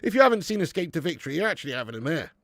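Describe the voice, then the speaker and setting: A man in his late thirties talks very fast and very animatedly in a fairly high, slightly bright voice, recorded at studio quality with no echo. Hosting a live football watch-along, he chats loosely with viewers, swearing and calling them "mate" and "lad".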